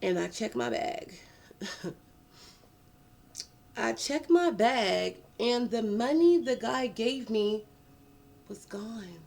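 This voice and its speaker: A woman telling a personal story in a casual storytime vlog, animated and profane, dragging out words for emphasis. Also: a little high, slow, vocal fry, long pauses. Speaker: vlogger.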